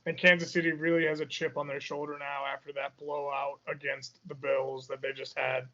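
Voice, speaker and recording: Confident man pitching football bets. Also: flat delivery, fairly quick, bright, forceful tone, dull audio. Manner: confident, self-mocking bravado. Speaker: podcast co-host. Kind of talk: casual sports betting chat.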